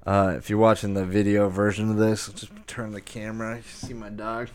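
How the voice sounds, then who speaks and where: A man's voice: lowish voice, level tone, moderate pace, darkish tone. A man in his late twenties hosting a podcast, chatting loosely and swearing, with a rambling, filler-heavy style. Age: 20s. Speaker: podcast host. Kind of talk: casual chat.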